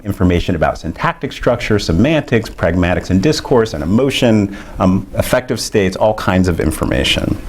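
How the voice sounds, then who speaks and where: A middle-aged man giving an academic lecture, explaining ideas in a measured way with frequent fillers. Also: deep voice, a little hiss or hum.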